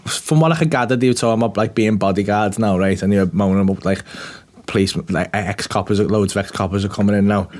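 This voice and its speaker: A man's voice: on the low side, fast, darkish tone. A man co-hosting a podcast, telling a story in casual chat, swearing freely and laughing through it. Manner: swears a lot, laughs through his stories, mimics people he quotes. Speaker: podcast co-host.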